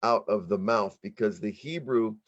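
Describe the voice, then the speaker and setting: An American man, a middle-aged rabbi, teaching an online workshop in an explanatory, halting way with frequent restarts. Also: fairly low pitch, muffled recording. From United States.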